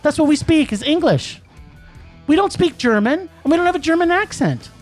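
Animated man ranting about movies. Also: very high-pitched, fairly quick, soft background music. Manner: animated, ranting, laughs often. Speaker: podcast co-host. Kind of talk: casual podcast movie rant.

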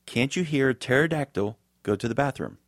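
A man's voice: medium pitch, expressive, brisk, no echo, clean studio sound. A man and parent in casual chat, setting up riddles and quizzing his partner. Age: adult parent.

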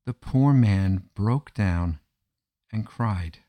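A man narrating a traditional folk tale in a measured, gentle way. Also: fairly low pitch, animated. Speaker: storyteller. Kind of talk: storybook narration.

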